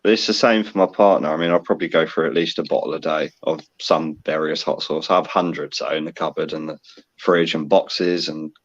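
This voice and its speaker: A man's voice: a bass voice, steady tone, fairly quick, muffled recording. A man being interviewed in a casual chat, talking in a rambling, laid-back way. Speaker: guest.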